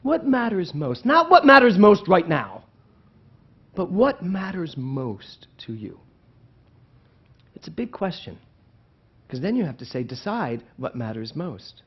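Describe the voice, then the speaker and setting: A male minister preaches with a higher voice and a very lively pitch, swinging between loud bursts and quiet asides. He keeps asking the congregation questions. The sound is dull and lo-fi. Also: measured pace, long pauses, breathy edge. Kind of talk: sermon. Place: church sanctuary.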